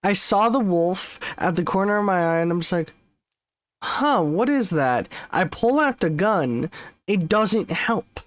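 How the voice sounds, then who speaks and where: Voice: medium pitch, moderate pace, no echo. A gaming streamer giving let's-play commentary, swearing often and ranting in exasperation.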